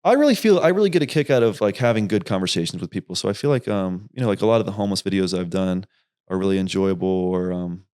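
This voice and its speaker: Young male guest, low voice, rambling animated storyteller, casual and profane. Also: quick pace. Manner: rambling, animated, swears freely. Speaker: podcast guest, YouTuber.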